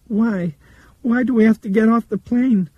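A man's voice: very high-pitched, moderate pace, slightly rough, no room sound, dull audio, pitched above the performer's own voice. A man voicing a frightened, stubborn little blind girl with a thin, wavery voice in an audiobook. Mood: scared, insistent.

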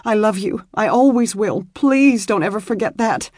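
A distraught young woman pleads through tears, her voice thick and raised high above the narration. A narrator puts her on for an audiobook. The recording is dry and close. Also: moderate pace, darkish tone, no room sound, close to an everyday voice. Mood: tearful. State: tearful.

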